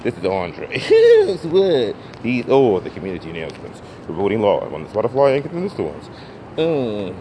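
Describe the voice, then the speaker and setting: Man, flamboyant, teasing street banter, swooping animated voice, loud city noise behind. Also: on the low side, moderate pace. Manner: playful, flamboyant, joking with strangers. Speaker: podcast host. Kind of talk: casual street monologue. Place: outdoors on a city street and in a restaurant. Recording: noisy outdoor city ambience.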